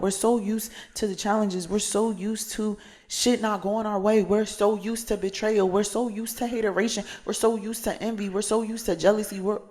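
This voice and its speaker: A woman's voice: mid-range voice, darkish tone. A woman from New Jersey, a life coach, giving a casual motivational daily check-in in a chatty, slangy storytelling way with repeated phrases. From New Jersey, USA.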